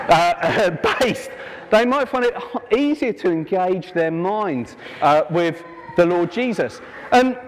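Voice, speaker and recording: A man's voice: sits high, slight background noise. A man preaching an informal sermon to a church congregation, chatty and self-deprecating, breaking into jokey asides. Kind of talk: informal sermon with a sung action chorus. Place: church hall. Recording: long church hall reverb.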